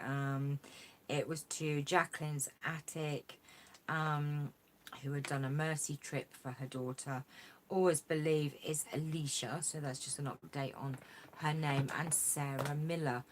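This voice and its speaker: Low-pitched woman, casual live-stream host, chatty and effusive, tablet mic at home. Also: slight background noise. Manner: chatty, rambling, effusive, many fillers. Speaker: craft vlogger hosting a live chat. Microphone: tablet camera mic.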